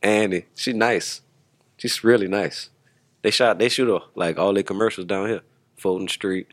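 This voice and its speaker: A man's voice: on the low side, moderate pace. A man hosting a podcast, joking around in casual banter. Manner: joking, playful, lively.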